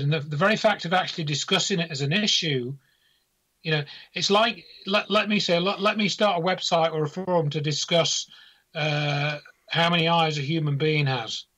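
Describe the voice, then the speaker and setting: A man talking earnestly in casual chat, halting at first, then emphatic. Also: a little high, pushed and bright. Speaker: guest. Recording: dull lo-fi audio.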